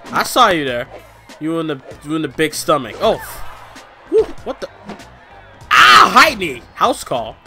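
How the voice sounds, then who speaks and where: A young man commentating a wrestling video game, loud, excitable and crude, trash-talking the opponent. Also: fairly high pitch, moderate pace, faint music behind. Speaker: gameplay commentator. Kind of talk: let's play commentary.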